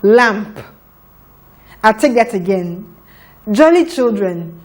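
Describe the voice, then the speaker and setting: A woman's voice: a little high, very animated, takes it slowly, long pauses, darkish tone. A woman teaching a phonics lesson to young children, sounding out letters patiently and praising often.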